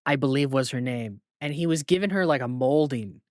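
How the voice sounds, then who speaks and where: A man's voice: mid-range voice, fairly quick, darkish tone, dry recording, studio quality. A man co-hosting a podcast, retelling movie scenes in casual chat, with many fillers. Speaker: podcast co-host.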